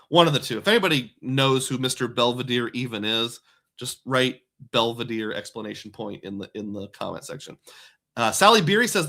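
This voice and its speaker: A man's voice: medium pitch, pushed and bright. A man hosting a live stream, chatting casually and rambling as he reads viewer comments aloud. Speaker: livestream host.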